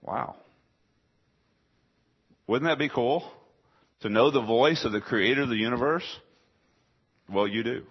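A man's voice: mid-range voice, measured pace, long pauses, husky, muffled recording. A man pastor preaching a conversational sermon, asking rhetorical questions and voicing his listeners' objections.

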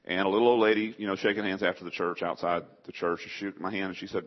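A man from southeast Texas preaches a sermon in a low, steady, fast voice, his faint East Texas Southern accent coming through. He's folksy and chatty, putting questions to the congregation. The recording sounds dull and lo-fi.

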